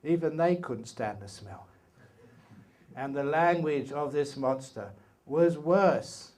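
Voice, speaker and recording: A man in his sixties with a British accent, a meditation teacher telling a story in a slow, playful way with humorous asides during an evening dharma talk at a retreat. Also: a little high, expressive, darkish tone. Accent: British English. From England. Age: 60s. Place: retreat hall.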